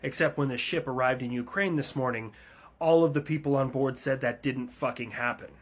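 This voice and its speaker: A man's voice: mid-range voice, a little fast. A man narrating a comedy skit with wry, crude asides. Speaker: comedy YouTuber.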